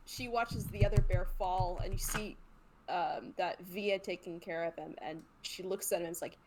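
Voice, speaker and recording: Excitable woman playing a tabletop game. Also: lowish voice, normal speed, slight background noise. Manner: excitable, laughs, thinks aloud with restarts. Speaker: player.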